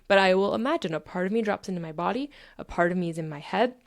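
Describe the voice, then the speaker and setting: A woman's voice: fairly low pitch, animated, fast talker. A young adult woman hosting a podcast, talking through self-help tips in a candid, casual way, swearing freely and acting out her inner dialogue. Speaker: podcast host.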